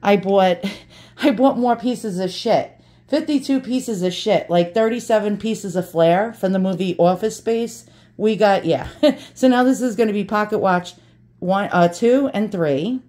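A woman's voice: mid-range voice, a little slow, dark tone. Profane joking woman unboxing. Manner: brash, profane, joking, talks to viewers. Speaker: vlogger unboxing antiques. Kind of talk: casual unboxing chat.

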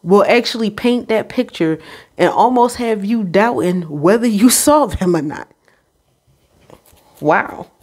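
A woman's voice: medium pitch, expressive, darkish tone, breathy edge. A woman giving an intuitive spiritual card reading, speaking unhurriedly and checking in with the listener. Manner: unhurried, frequent "all right?" check-ins; addresses the Holy Spirit aloud.

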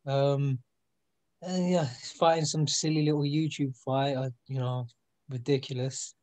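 A man's voice: medium pitch, little pitch movement, unhurried, darkish tone. A man guesting on a casual boxing chat, telling frank stories and acting out quotes. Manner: storytelling, acts out quotes, frank.

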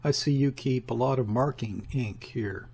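Husky guy reading a curt sharp-eyed police inspector, probing, slightly rough voice. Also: mid-range voice, moderate pace. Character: shrewd middle-aged male police inspector.

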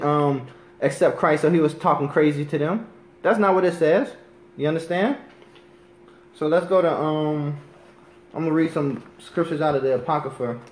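A man delivers a Bible lesson in a somewhat high voice, earnest and insistent. He reads scripture slowly and deliberately, checking in with "you understand?" as he goes. The sound bounces around an echoey room. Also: a little mellow, slight background noise. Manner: keeps asking "you understand?". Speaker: bible teacher. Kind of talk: scripture teaching.

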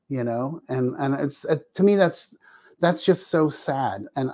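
Man telling candid personal stories, slightly high voice. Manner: animated, acts out quoted dialogue, frequent restarts. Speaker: family addiction coach and therapist. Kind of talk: candid storytelling in a podcast interview.

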